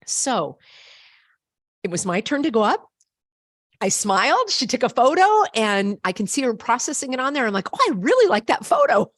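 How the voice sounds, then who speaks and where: A woman's voice: a little high, sing-song, normal speed, pauses often, no room sound, studio quality. An older woman telling a story to camera in an emphatic, indignant way. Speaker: vlogger.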